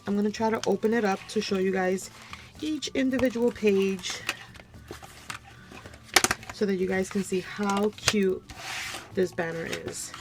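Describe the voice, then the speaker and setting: Coming down with a cold, a crafting channel host sounds slightly drained as she sits at her craft desk at home. Still, she gushes over every item in a gift package she is unboxing, talking straight to viewers and calling them "you guys" in a casual show-and-tell.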